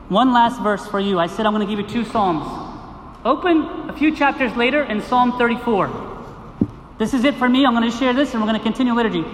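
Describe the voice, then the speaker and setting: A man with a very high voice preaches a sermon, drawing in his listeners with questions and repeated phrases. He is recorded in an echoey gym with a long reverb tail. Faint noise sits underneath. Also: moderate pace, pauses often. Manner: animated preaching with rhetorical questions and repetition. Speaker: priest. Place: gym used for a liturgy.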